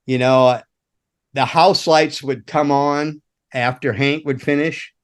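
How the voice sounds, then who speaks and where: A man's voice: mid-range voice, steady tone, takes it slowly, clean tone. Profane older man telling road stories. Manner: rambling, profane, laughing anecdotes with voiced quotes. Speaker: guest, former rock roadie. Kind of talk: casual storytelling chat.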